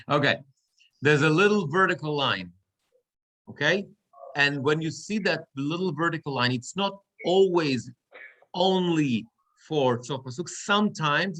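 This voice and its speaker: A man's voice: medium pitch, a bit bright. A man, a cantor, teaching a Torah reading class and explaining step by step while checking that students follow. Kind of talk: class instruction. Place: synagogue classroom or online class.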